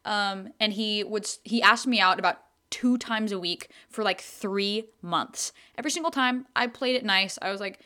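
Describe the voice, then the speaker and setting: Animated young woman telling a story. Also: medium pitch, normal speed, hardly any pauses. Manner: animated, swears freely, laughs often. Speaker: podcast co-host. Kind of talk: casual storytelling chat.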